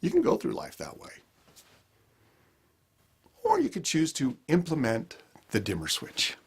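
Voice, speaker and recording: Husky man with a lively voice. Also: on the high side, unhurried. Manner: animated, acts out everyday scenes. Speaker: life lesson speaker. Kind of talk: motivational talk.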